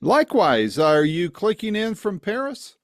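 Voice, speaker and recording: A man's voice: sits high, very animated, unhurried, no echo, clean studio sound. A man hosting an interview podcast, talking in a friendly, folksy and chatty way. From Southern United States. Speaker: host.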